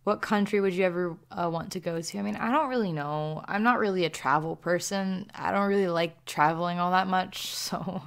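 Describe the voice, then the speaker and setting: A woman's voice: lowish voice, fairly quick, creaky, few pauses. A woman with a Southern American accent casually answering viewer questions in a rambling, chatty way, laughing between thoughts. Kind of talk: casual Q&A chat.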